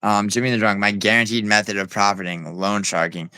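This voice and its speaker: A man's voice: fairly low pitch, flat delivery, a little fast, pushed and bright, clear, resonant tone, no room sound, rough recording. Rambling man chatting on a livestream. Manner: rambling, many fillers and restarts, swearing; talks back to chat viewers. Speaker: livestream host. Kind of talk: casual livestream chat, reading chat.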